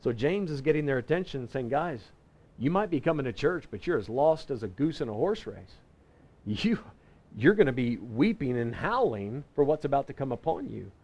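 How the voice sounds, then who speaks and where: A man's voice: medium pitch, very animated, a little mellow. Folksy man teaching scripture. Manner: folksy and conversational, reading scripture slowly and deliberately; self-correcting with frequent restarts. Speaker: pastor teaching a Bible class. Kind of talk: verse-by-verse Bible teaching.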